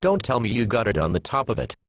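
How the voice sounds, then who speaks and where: A man's voice: mid-range voice, sing-song, fast, no echo. A man doing a brash wisecracking monster hunter. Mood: sarcastic.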